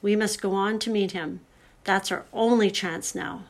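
A woman's voice: medium pitch, fairly even intonation, a little slow. Homely anxious male beaver, grave and emphatic, storybook reading, voiced by a woman.

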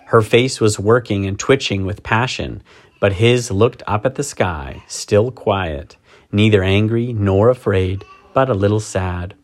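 A man narrating a children's fantasy audiobook in an expressive, dramatic way, leaning on vivid emphasis. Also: lowish voice, unhurried.

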